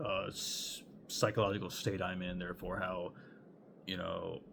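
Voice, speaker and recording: A man's voice: low voice, little pitch movement, moderate pace, vocal fry, noisy background. A young man telling a chaotic personal story in a loose, rambling way, swearing often and laughing between thoughts. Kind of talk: casual storytime.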